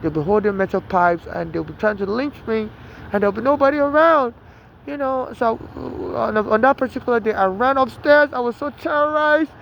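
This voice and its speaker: A man's voice: very high voice, normal speed, vocal fry. A man with a Nigerian accent telling a long story in an agitated, rambling way, full of restarts and "you know". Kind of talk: casual storytelling monologue. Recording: dull lo-fi outdoor recording with traffic.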